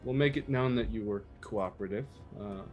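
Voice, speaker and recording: A man's voice: lowish voice, fairly quick, highs cut off. A man playing a tabletop game, talking in an upbeat, eager way. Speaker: player. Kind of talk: tabletop role-play chat.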